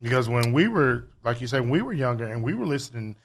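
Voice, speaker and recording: A man's voice: medium pitch, quick pace. A man co-hosting a podcast in casual chat, telling stories and reflecting thoughtfully. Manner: reflective, storytelling, animated. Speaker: podcast co-host.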